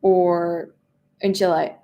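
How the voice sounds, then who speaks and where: Woman, French accent, French native speaker, casual live stream chat, low-pitched voice, laughs often, repeats words. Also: flat delivery, slow pace, highs cut off. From France.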